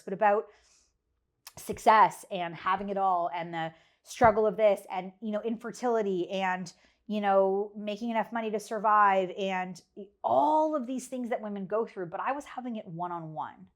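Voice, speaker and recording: A woman speaking as a podcast guest, telling a personal story candidly, with earnest emphasis and repeated phrases. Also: medium pitch. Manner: candid about struggles. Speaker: podcast guest, business leader.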